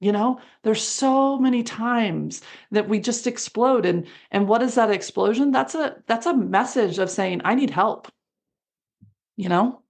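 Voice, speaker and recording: A woman's voice: on the high side, unhurried, gravelly, hardly any pauses. A woman guest in an interview, telling a story animatedly and acting out the dialogue. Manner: animated, acts out quoted dialogue with laughs.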